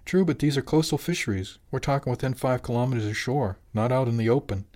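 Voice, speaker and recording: A man's voice: medium pitch, quick pace, a little mellow, pitched above the performer's own voice, close to an everyday voice. A man playing a clever young explainer. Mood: explaining.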